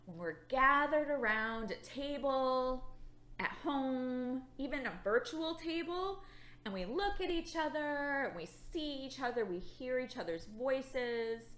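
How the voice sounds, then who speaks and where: A woman leading a children's Bible school lesson, speaking gently and playfully to young kids. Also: sits high. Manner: slow, animated and playful, with yawns. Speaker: children's church leader. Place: church. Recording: echoey room.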